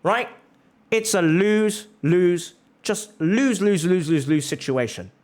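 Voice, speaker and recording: A man's voice: high voice, animated, takes it slowly, darkish tone. A male streamer giving a heated, profane reaction rant on stream, repeating phrases for emphasis.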